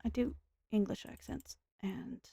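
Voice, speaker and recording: A tired woman giving soft-spoken, rambling commentary while she plays a game, with self-deprecating asides. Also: fairly high pitch, fairly even intonation, a little slow, gravelly, dry recording, studio quality. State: tired, speaking softer and lower. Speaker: gaming streamer. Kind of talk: casual gameplay commentary.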